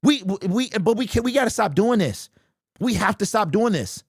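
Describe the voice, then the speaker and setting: A man's voice: high voice, normal speed, creaky, husky, no echo, clean studio sound. A man hosts a sports livestream, answering viewer comments in a heated, repetitive way. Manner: animated, argumentative, repeats his points. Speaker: sports channel host. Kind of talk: livestream commentary reading super chats.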